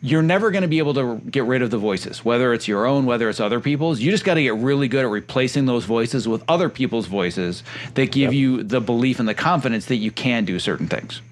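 A man's voice: mid-range voice, expressive, quick pace. A man hosting a casual conversation, speaking earnestly and reflectively with frequent fillers.

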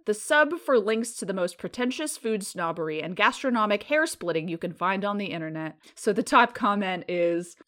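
A woman co-hosting a podcast in casual chat, animated and laughing often as she tells stories. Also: mid-range voice, moderate pace, few pauses. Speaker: podcast co-host.

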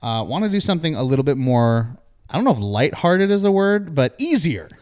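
A man's voice: fairly high pitch, big pitch swings, a little fast, darkish tone. Guy cohosting a podcast, jokey and rambly, just chatting. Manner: joking, rambling, laughs often. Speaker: podcast co-host. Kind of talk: casual chat.

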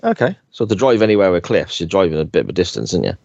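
A man's voice: sits low, big pitch swings, racing, vocal fry, a little mellow, no echo, muffled recording. A man co-hosting a podcast, chatting casually and laughing easily, with frequent tag questions. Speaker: podcast co-host. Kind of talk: casual chat reviewing a TV episode.

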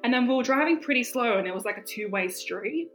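A woman's voice: fairly high pitch, quick pace, soft background music. Swearing, chatty woman. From Australia. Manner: animated storytelling, heavy fillers and swearing. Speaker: podcast co-host. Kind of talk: casual chat.

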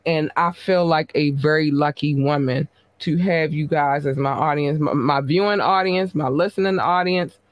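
A woman podcast host giving casual live-stream shout-outs to her listeners, talking in a slangy, blunt, chatty way. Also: deep voice, steady tone, moderate pace, no room sound.

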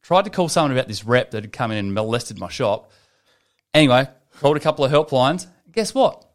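A young man co-hosting a podcast, telling animated stories and swearing freely. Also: medium pitch, brisk. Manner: swears a lot, animated storytelling. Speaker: podcast co-host. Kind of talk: casual podcast chat.

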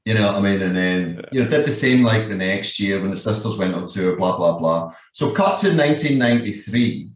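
A low-voiced Scottish man in his fifties rambles through a story, swearing as he goes and checking in with "you know what I mean". He sounds set back from the microphone, and the room rings around him. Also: lively intonation, fairly quick, few pauses. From Scotland. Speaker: guest. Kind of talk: casual storytelling. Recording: echoey room, distant mic.

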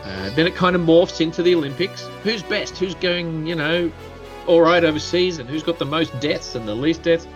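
Joking Australian podcast host. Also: male voice, a little high, lively intonation, normal speed, dull audio, soft background music. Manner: jokey, rambling, laughs often. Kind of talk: casual chat.

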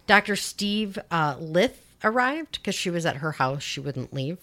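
A woman's lowish, slightly bright voice comes across expressive and slow as she hosts a podcast. She tells a true-crime case casually and chattily, with sarcastic, sweary comments along the way.

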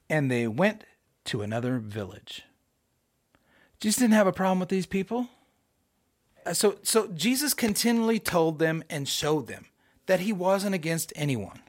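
A middle-aged man giving an informal, conversational Bible teaching with emphatic rhetorical questions and bursts of excitement. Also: fairly high pitch, normal speed, dry recording, studio quality. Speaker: podcast host teaching scripture.

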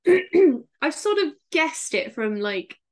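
A young woman from Somerset with a West Country English accent, chatting casually as a guest author, self-mocking and quick to joke. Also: on the high side, sing-song, fairly bright tone. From Somerset, England. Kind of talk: casual interview chat.

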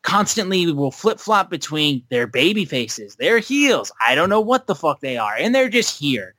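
Podcast co-host, male, bright raised voice, dry close mic, profane and animated. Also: fairly high pitch, normal speed, dry recording. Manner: animated and profane, recapping and ranting. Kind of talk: casual podcast chat.

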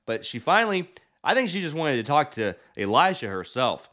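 A male preacher narrates a Bible story with lively, swinging pitch. He breaks into light chuckling asides as he goes. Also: normal speed. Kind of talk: sermon storytelling.

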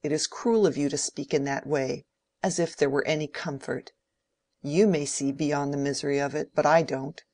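A woman's voice: deep voice, steady tone, moderate pace, darkish tone, no room sound. A woman reader voicing a bitter, angry young man in an audiobook.

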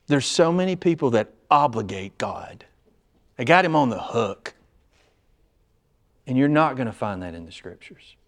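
A man's voice: mid-range voice, very animated, unhurried, long pauses. A man pastor teaching a small-group Bible study, earnest and emphatic, often putting questions to the group.

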